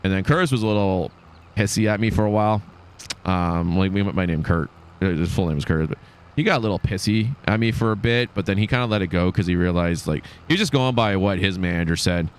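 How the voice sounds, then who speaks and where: A man's voice: low voice, quick pace, smooth. A man, telling a long rambling story in casual chat while hosting a game stream, full of fillers and restarts. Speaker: livestream host.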